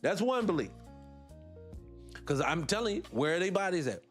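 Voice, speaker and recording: A male morning-show host delivers a heated livestream monologue in a high voice. He drifts off on tangents, laughs to himself, then snaps back with question after question for his listeners. Faint music plays in the background. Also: sing-song, moderate pace. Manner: impassioned, fires rhetorical questions at listeners; digresses, laughs between points.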